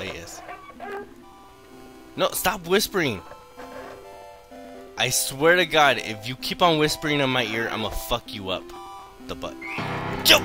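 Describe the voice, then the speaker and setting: A man hosting a gaming channel, giving horror game commentary full of swearing and panicky outbursts. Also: medium pitch. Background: game music.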